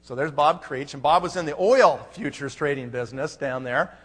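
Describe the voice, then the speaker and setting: At a business conference, a male speaker tells the audience a story, acting out both sides of his phone calls in a motivational talk. His voice is high for a man, his pace is moderate, and the long reverb of a large hall rings around him.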